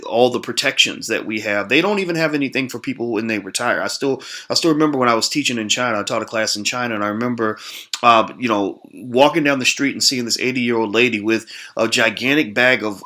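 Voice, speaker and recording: Bright-voiced American man talking, many fillers. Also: mid-range voice. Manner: rambling with many fillers and restarts. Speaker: host. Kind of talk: casual talk to camera.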